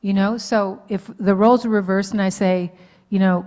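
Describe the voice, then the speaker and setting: A woman counselor speaks to a live church audience in an easy, conversational way. She keeps checking that people follow her and pokes fun at her own slips. Her voice sits at an ordinary middle pitch. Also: steady tone, moderate pace, warm tone. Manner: informal, checks in with the audience often, laughs at herself. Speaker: marriage counselor and conference speaker. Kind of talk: conversational teaching talk. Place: church hall, live event.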